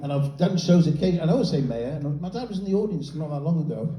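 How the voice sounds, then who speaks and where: Sardonic middle-aged comedian, roomy hall. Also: male voice, fairly high pitch, expressive, rapid-fire, mellow. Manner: sardonic, swears freely, mimics others in raised voices. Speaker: stand-up comedian. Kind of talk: stand-up comedy set. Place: comedy venue with a live audience. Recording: roomy live venue, distant mic, crowd noise. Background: audience laughter.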